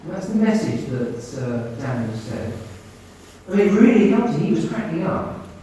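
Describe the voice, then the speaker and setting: A man tells his stories in a fairly high voice, repeating words as he goes. He sounds distant from the mic, and the big hall gives a strong, ringing echo. A faint hiss sits underneath. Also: moderate pace. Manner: lively, repeats and restarts phrases, quotes people. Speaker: speaker at a talk on mediumship. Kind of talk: anecdotal storytelling talk. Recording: echoey hall from far off.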